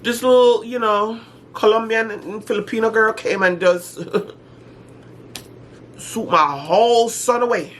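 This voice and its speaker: A middle-aged woman vlogger in casual storytime chat, talking in an animated, slangy way with dramatic asides. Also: on the high side, slow, pauses often, a little hiss or hum.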